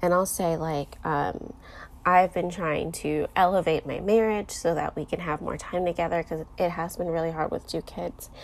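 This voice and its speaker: A woman's voice: fairly low pitch, fairly even intonation, moderate pace, gravelly, a little hiss or hum. A woman in her thirties hosting a podcast, talking candidly and emotionally through fillers and restarts, close to tears as she speaks. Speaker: podcast host. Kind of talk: personal podcast monologue.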